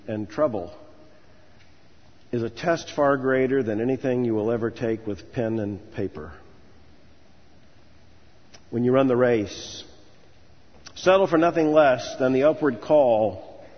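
A man preaching an earnest commencement sermon, telling stories and building to emphatic lists. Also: mid-range voice. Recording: dull sound with long hall reverb.

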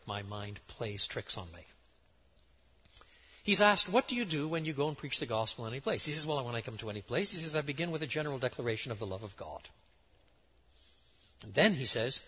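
A middle-aged man preaching a lecture-style sermon, emphatic and animated, with sudden rises and drops in his voice. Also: medium pitch, slightly rough. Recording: dull sound in a large reverberant hall.

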